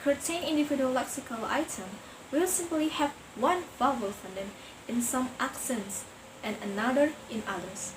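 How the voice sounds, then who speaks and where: Young woman presenter, slightly high voice, noisy recording. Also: normal speed. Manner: reads notes, then imitates example sounds. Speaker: student presenter. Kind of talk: class presentation on accents. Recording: noticeable background noise.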